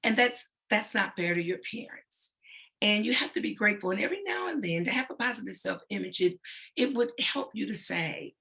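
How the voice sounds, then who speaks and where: A woman's voice: mid-range voice, lively intonation, normal speed, creaky, pushed and bright. A middle-aged woman leading a motivational talk for young girls, earnest and emphatic, repeating her key points. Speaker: facilitator of a girls' self-image talk.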